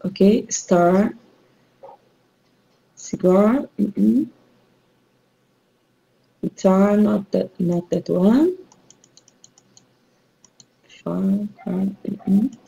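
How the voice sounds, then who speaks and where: A woman's voice: medium pitch, vocal fry, warm tone, highs cut off. A woman with a Brazilian accent, a Portuguese native speaker, patiently running a rhyming word game for an online class as the teacher. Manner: slow, patient, encouraging.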